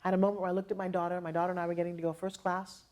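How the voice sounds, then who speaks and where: A middle-aged woman telling personal stories as a motivational speaker, lively and acting out quoted dialogue with laughs. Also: on the low side, racing. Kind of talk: personal storytelling to an audience.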